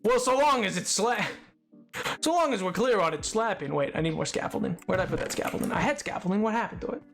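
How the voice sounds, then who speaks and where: A streamer in casual gaming livestream chat, playful and excitable, joking and reading out chat messages. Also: mid-range voice, fast, faint music behind.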